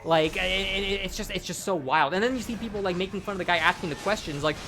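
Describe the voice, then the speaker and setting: A man's voice: high voice, fast talker, sharp tone, soft background music. A tipsy young man rambling and swearing as he commentates his own gameplay. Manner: rambling, heavy swearing, frequent restarts.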